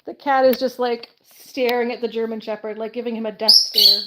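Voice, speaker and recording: A woman's voice: on the high side, fairly even intonation, fairly quick, very noisy. Chatty woman streaming with her pets. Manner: chatty, laughs often, baby talk to her birds. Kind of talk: casual live stream chat.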